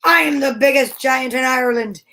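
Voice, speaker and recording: A woman's voice: high voice, moderate pace, pushed and bright. A woman voicing a big, clumsy male giant in a storybook, boasting and sweet-talking. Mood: boastful.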